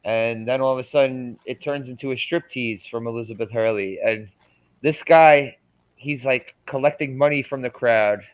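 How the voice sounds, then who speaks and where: A man's voice: medium pitch, normal speed, low-quality recording. A man co-hosting a casual movie podcast, rambling and crude, with frequent laughs. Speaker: podcast co-host.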